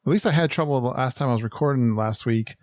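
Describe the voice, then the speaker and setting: A man's voice: medium pitch, fast talker, darkish tone, dry recording, clean studio sound. A man hosting a podcast, chatting in an upbeat way and laughing often. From Connecticut, USA. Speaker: podcast host. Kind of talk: casual podcast chat.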